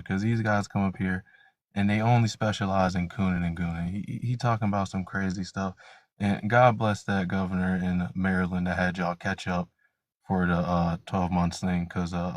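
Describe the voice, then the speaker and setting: A man on a live debate panel, arguing combatively and lecturing his opponents. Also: low voice. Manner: combative, preachy.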